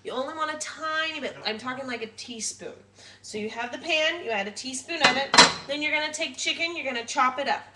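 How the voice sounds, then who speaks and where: Bubbly high-voiced woman cooking. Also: brisk, distant mic, background noise. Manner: chatty, giggly, playful. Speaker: home cook host. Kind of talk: casual recipe demo. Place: home kitchen.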